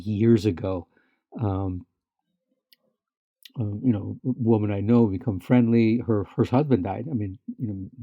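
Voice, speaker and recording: A man's voice: lowish voice, creaky, warm tone, husky, dry recording, highs cut off. A man co-hosting a podcast, telling stories in casual chat with many restarts and fillers, laughing now and then. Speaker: podcast co-host.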